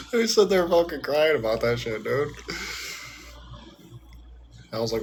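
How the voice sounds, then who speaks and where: A man's voice: on the high side, animated, unhurried, long pauses, a little mellow, slight background noise. A man in his thirties livestreaming from a hotel room, rambling casually, laughing often and swearing freely. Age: 30s. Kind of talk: casual profane live chat.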